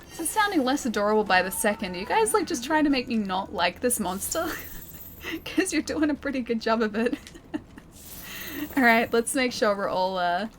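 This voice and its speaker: An Australian woman streams a game, chatting casually with her viewers and laughing often. Her voice is a little high, and there's a little hiss or hum in the recording.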